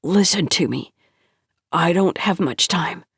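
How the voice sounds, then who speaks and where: Female narrator playing guilty male scientist, shaky halting delivery, soft breathy tone, slow. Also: on the low side, dry recording, clean studio sound, full character voice. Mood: urgent. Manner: trembling, halting speech. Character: remorseful middle-aged male scientist, trembling and apologetic.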